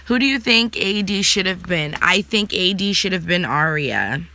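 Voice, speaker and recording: A woman's voice: on the low side, expressive, normal speed, sharp tone. Sassy woman in blunt casual chat. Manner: blunt, sassy, swears freely. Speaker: vlogger answering live chat.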